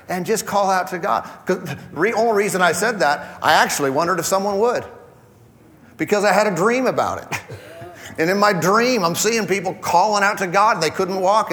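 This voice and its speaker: A man's voice: on the high side, fairly bright tone, in a large hall. A man preaching a conversational sermon as pastor, acting out quoted voices as he goes. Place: church hall.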